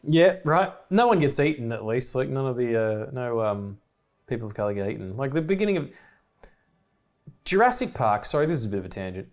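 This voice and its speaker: Male podcast co-host from Australia, talks fast and manically, casual, sweary film-commentary rambler. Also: medium pitch. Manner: rambling, excitable, swears freely, laughs often.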